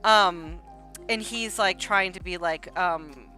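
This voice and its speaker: Over soft background music, a woman hosting an art livestream casually retells online drama in a rambling way, full of "like" and "um." Her voice is on the low side, pushed and bright, and she takes it slowly.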